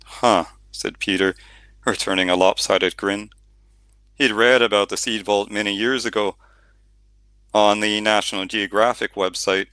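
A man narrating an audiobook in steady storytelling, with the odd reading slip. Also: fairly low pitch, unhurried, dry recording. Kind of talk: scripted narration.

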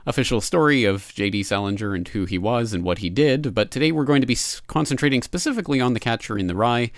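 A man hosting a podcast, speaking in a measured way with frequent hesitations. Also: mid-range voice, lively intonation, no room sound, studio quality. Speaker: podcast host. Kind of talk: podcast monologue about a book.

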